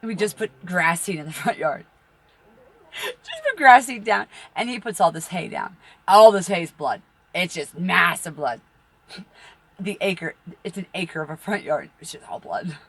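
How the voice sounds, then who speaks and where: A middle-aged woman spins a long, rambling story full of swearing, her fairly low voice leaping up and down as she goes. She laughs at her own bad luck, and dogs bark somewhere behind her. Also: very animated, a little slow, pauses often, fairly bright tone, slightly rough. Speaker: tarot reader and channel host.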